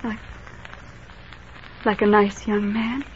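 An actress playing a shy young woman who minds a small-town gas station, talking gently and earnestly, in old-time radio acting on a dull old broadcast recording. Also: medium pitch, little pitch movement, slow pace, a little hiss or hum, lightly acted. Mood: gentle.

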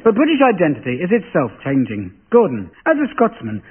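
A man hosting a comedy show, telling a story in an arch, camp, deadpan way. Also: a little high, a little fast, a little hiss or hum. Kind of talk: stand-up monologue. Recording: tinny lo-fi broadcast audio.

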